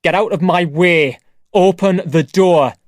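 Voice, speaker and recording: A reader voicing an angry, defiant young man who shouts at his father in a graded-reader audiobook. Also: mid-range voice, normal speed, no echo, clean studio sound, voice pushed up, natural voice. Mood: furious.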